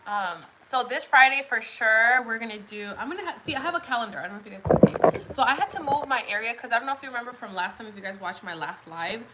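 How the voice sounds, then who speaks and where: A woman's voice: fairly high pitch, fast talker, heavy background noise. A woman livestreaming from her living room, chatting casually and rambling with lots of fillers. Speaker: vlogger doing a livestream. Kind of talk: casual live chat with viewers.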